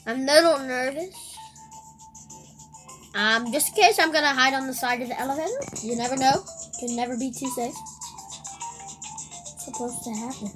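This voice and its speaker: A woman hosting a let's play video, rambling and excitable, shrieking whenever something surprises her in the game. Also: high-pitched. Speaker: gaming video host.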